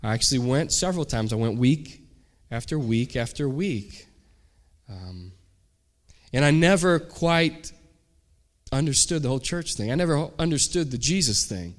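A man, a pastor, telling a story during a sermon and acting out the people in it. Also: mid-range voice. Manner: animated storyteller, acts out shouted quotes.

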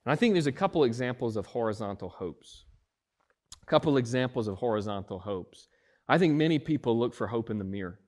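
A man preaching a sermon as pastor, with emphatic rises and drawn-out stressed words. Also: mid-range voice, animated, a little mellow.

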